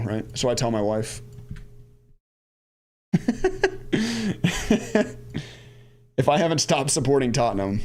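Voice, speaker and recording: A man's voice: mid-range voice, darkish tone, a little hiss or hum. Chatty man in his thirties live streaming. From United States, Washington DC area. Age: 30s. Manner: chatty and rambling, reads viewer chat and answers it; laughs at himself, goes off on tangents. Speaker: day-trading live streamer. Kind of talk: casual live-stream commentary.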